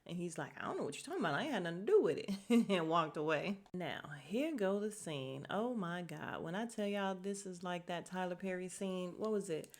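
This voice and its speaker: A woman's voice: lowish voice, normal speed. A woman casually recapping a TV episode for her podcast, acting out the characters' lines and laughing as she goes. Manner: animated storyteller, acts out characters' lines, laughs often.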